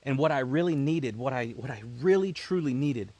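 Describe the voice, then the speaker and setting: A man, a military veteran, telling a personal story in an earnest, halting way, often repeating words as he restarts. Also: mid-range voice, expressive, a little mellow, no echo. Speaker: military veteran, founder of a veterans' support group.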